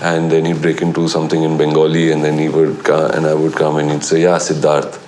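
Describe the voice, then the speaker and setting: A man's voice: extremely low pitch, brisk, a little hiss or hum. A middle-aged man, a film actor in a documentary interview, telling anecdotes and acting out what others said. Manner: animated storyteller who acts out quoted lines.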